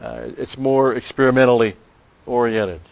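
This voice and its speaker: A man teaching the Bible in an expository sermon, emphatic, repeating key phrases and slowing down on Greek words. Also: mid-range voice, steady tone, gravelly. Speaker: preacher. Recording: dull lo-fi recording.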